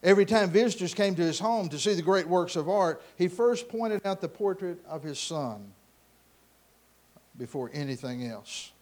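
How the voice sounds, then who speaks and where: A man telling a story dramatically, swinging between loud passages and hushed ones. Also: sits high, lively intonation, moderate pace.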